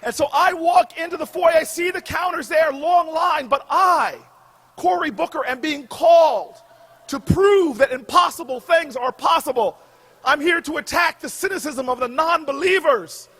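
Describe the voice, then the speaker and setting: A man in his forties giving a humorous commencement speech, shouting his punchlines with a preacher-like call and response. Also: extremely high pitch, normal speed. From United States. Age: 40s. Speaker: commencement speaker. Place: outdoor graduation ceremony stage.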